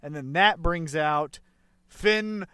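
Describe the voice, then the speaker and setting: A man's voice: fairly high pitch, slow pace, bright, forceful tone, smooth, dry recording, studio quality. A man co-hosting a wrestling podcast, chatting casually and joking with crude trash talk. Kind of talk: casual chat.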